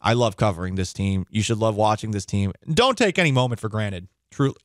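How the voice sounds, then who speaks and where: A man's voice: lowish voice, lively intonation, brisk, no room sound, studio quality. A male sports radio host giving conversational, opinionated commentary, often correcting himself mid-sentence. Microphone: studio microphone.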